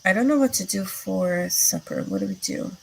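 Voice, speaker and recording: This woman's medium-pitched voice swoops wildly as she talks at a normal speed, sounding creaky yet a little mellow. She's hosting a live stream, rambling and chatting with lots of fillers while replying to viewer comments. The low-quality recording has slight background noise.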